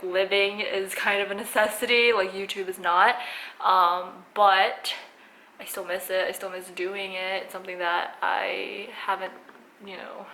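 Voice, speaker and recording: A woman's voice: medium pitch, fairly bright tone, low-quality recording. A young woman chatting casually in a home vlog, rambling with lots of fillers and often dropping to half-whispers. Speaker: vlogger. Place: at home, bathroom then bedroom.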